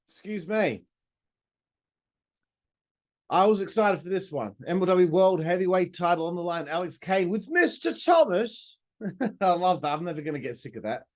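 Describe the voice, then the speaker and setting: Chatty, excitable man recapping. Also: sits high, normal speed, pauses often. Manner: chatty and enthusiastic, swears, with asides and laughs. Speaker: podcast host reviewing a wrestling show. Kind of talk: casual recap commentary.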